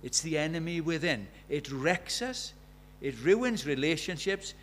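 A man preaching a sermon in church, his voice sitting a little high for a man. He drives his points home with emphatic repetition and rhetorical questions, dropping from forceful declarations to hushed asides. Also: animated, a little slow.

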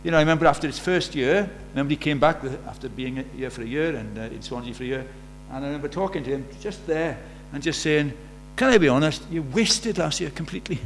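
Fast and with few pauses, a medium-pitched man preaches a conversational sermon, posing rhetorical questions to his listeners. A faint mains hum sits beneath it.

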